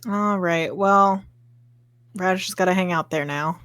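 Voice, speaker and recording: A woman's voice: lowish voice, unhurried, fairly bright tone, clean tone, no echo. A woman playing a tabletop game, casually thinking aloud through her turn with fillers. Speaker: player.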